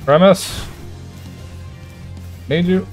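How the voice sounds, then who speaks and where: A gamer with a high voice narrates his video game very slowly, shouting to his creatures and yelping whenever enemies come after him. Soft music plays in the background.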